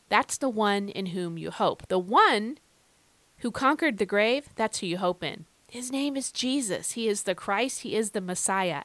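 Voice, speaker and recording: A woman's voice: mid-range voice, no room sound. A woman hosting a devotional podcast who teaches emphatically, repeats key phrases for stress and speaks straight to the listener in an encouraging way. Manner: talks directly to the listener in a friendly, encouraging way.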